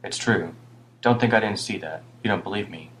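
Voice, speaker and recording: A man's voice: fairly low pitch, fairly quick, a bit bright, a little hiss or hum, natural voice, low-quality recording. A man doing a weary, rambling homeless man. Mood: rueful. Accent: British. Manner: rambling, rueful, muttering at times. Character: weary homeless British man, older, rambling and self-reproaching.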